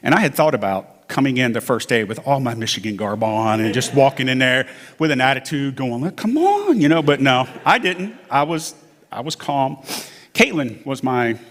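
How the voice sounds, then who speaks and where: A man's voice: mid-range voice, a bit bright. An American man stands before a congregation and tells his own story of faith in a loose, conversational way, slipping into other people's voices as he quotes them. His voice sits in a middle range. The sound rings out in a long church reverb. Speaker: church member giving testimony. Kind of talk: personal testimony to a congregation. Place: church sanctuary.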